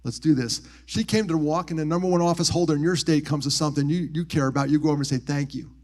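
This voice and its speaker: Animated male speaker, slightly high voice. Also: very fast. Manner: animated, acts out quoted voices with big pitch jumps; drops to soft, quiet tones on grief. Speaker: motivational speaker. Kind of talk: live storytelling talk on suicide prevention. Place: military base venue.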